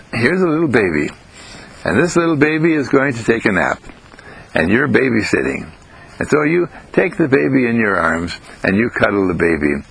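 A man giving an inspirational self-help monologue, gentle and sing-song, repeating phrases with rising pitch. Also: gravelly, husky, low-quality recording.

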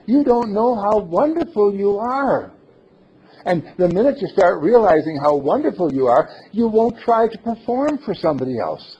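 A man preaching a sermon to his congregation in a playful, animated way, laughing often. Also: high-pitched, moderate pace, slightly rough. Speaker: minister. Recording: dull lo-fi recording.

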